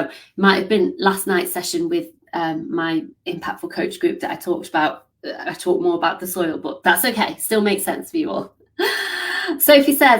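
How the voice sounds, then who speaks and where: A woman's voice: on the low side, normal speed. A woman leading a live coaching session, upbeat and encouraging, reading out comments. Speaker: business coach.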